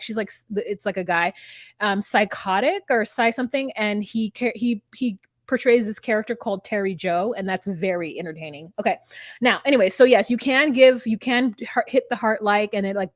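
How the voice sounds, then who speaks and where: A woman co-hosting a podcast who rambles through a frank, casual recap, packing her talk with filler words. Her voice sits at an ordinary middle pitch and the sound is close and dry. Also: dry recording. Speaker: podcast co-host.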